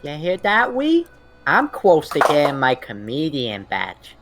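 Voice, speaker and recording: Playful, cheerful woman, unhurried. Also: low voice, wildly swooping pitch, music in the background. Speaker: tabletop player. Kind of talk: voicing a cheerful, childlike character in a tabletop game.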